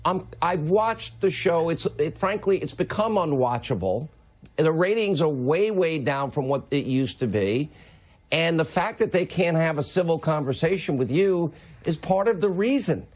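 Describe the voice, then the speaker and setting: Combative male news host, slightly high voice. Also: lively intonation. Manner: brisk, combative commentary. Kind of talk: TV news interview.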